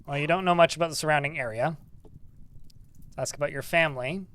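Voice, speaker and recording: A man's voice: a little high, brisk, fairly bright tone. Dry-witted man streaming a game. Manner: dry, sarcastic asides, reads game text aloud. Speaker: streamer playing a video game. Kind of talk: live game commentary.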